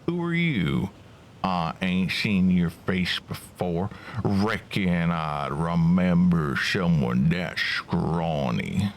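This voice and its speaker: A man voicing gruff, burly male miners with an attempted Cockney accent and rough, blustering slang. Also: deep voice, expressive, drawn-out words, a little hiss or hum, exaggerated voice. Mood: dismissive. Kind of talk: reading game dialogue aloud in voices.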